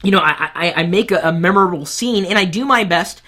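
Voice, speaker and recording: A man with a high-pitched voice hosting a live-streamed web show from his studio set, talking candidly and from the heart into a boom mic on top of the camera. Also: fairly quick. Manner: animated, candid, speaks from the heart. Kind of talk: live-streamed advice talk. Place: home studio set with lights.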